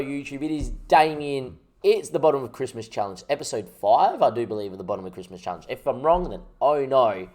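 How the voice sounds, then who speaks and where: A young man hosting his gaming channel, chatting casually and jokily as he thinks out loud over gameplay. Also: medium pitch. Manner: rambling, jokey, thinks aloud while playing.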